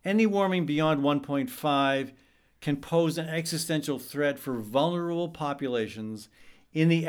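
Male talk radio host, middle-aged, halting but urgent delivery. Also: fairly high pitch, smooth. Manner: urgent, halting, many fillers and restarts. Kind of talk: earnest talk-radio commentary.

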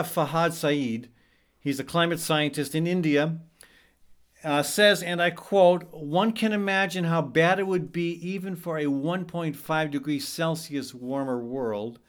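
A man's voice: on the high side, a little slow, clear, resonant tone. A middle-aged man hosting a talk radio show, speaking with urgency and often stumbling over fillers and restarts. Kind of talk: earnest talk-radio commentary.

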